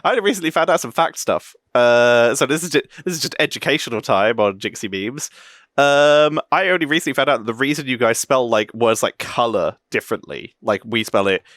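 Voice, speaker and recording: A young British man hosting a casual meme reaction chat, animated and laughing often. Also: a little fast, no room sound, studio quality. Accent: British English. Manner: animated, laughs often, jumps into high exclamations. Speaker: host reacting to memes.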